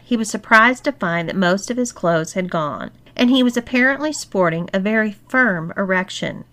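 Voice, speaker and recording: A woman narrating an erotic story in a steady, expressive reading voice. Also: medium pitch. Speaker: story reader.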